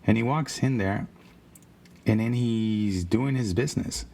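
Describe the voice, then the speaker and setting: Gravelly low-voiced man telling a story. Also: unhurried, a little mellow. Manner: rambling, profane, with frequent restarts. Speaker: car salesman telling his own stories. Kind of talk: casual personal storytelling.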